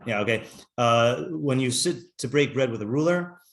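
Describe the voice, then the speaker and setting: A middle-aged rabbi leads a casual class in a voice of ordinary middle pitch. He talks in a loose, chatty way, stops himself mid-thought and laughs easily as he goes. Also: expressive, normal speed. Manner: chatty, self-interrupting, laughs often.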